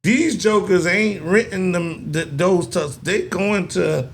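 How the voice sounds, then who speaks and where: A middle-aged man telling a story in a casual chat, acting out other people's voices now and then. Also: takes it slowly. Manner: animated storyteller, acts out voices in a high falsetto. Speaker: podcast co-host.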